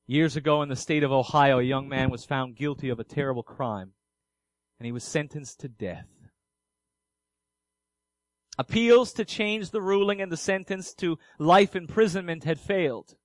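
A man's voice: a little high, moderate pace, no room sound, poor audio. A man preaching a sermon earnestly, posing questions and answering them himself.

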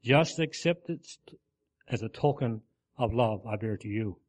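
A man's voice: fairly low pitch, expressive, a little slow, pitched below the performer's own voice. A man voicing an old pearl diver in a sermon story, speaking earnestly and pleadingly. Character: old male pearl diver, grave and devoted.

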